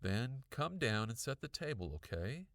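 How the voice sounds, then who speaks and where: A man's voice: medium pitch, sing-song, unhurried, dry recording, studio quality, pitched above the performer's own voice. A man voicing a tired middle-aged father who grumbles and mutters complaints. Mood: grumbling.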